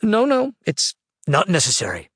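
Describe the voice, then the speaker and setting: Man doing a friendly old grandpa, chatty, voice up high, dry sound. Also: wildly swooping pitch, normal speed, a bit bright, no room sound, full character voice.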